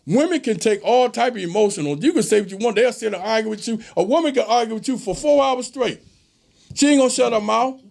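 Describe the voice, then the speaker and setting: Gravelly high-voiced man preaching. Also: quick pace, darkish tone. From American South. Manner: preachy, emphatic, acts out quoted voices. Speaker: show host. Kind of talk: casual monologue.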